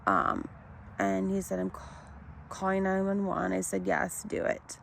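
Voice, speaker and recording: A woman in her thirties shares a personal story to camera. She talks very slowly, with a heavily gravelly, creaky voice. Her delivery is halting and emotional, broken by pauses and fillers. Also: mid-range voice, flat delivery. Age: 30s. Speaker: vlogger sharing her health story.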